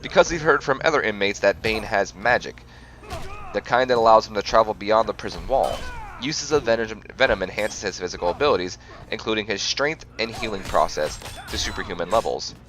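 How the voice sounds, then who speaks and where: A man's voice: fairly low pitch, lively intonation, brisk, a bit bright, faint music behind. A man hosting a game playthrough, reading facts aloud and often stumbling and correcting himself. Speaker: gaming channel host.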